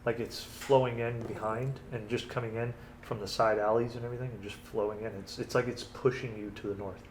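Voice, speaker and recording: A man's voice: medium pitch, flat delivery, a little fast, slight background noise. A man running a tabletop game as game master, reading scene descriptions and correcting himself as he goes.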